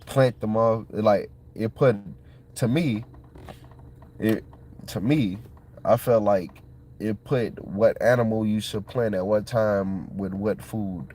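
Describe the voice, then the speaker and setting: Excitable man rambling in slang. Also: lowish voice, takes it slowly, slight background noise. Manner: excitable, colloquial, repeats himself. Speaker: channel host. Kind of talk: casual rambling monologue.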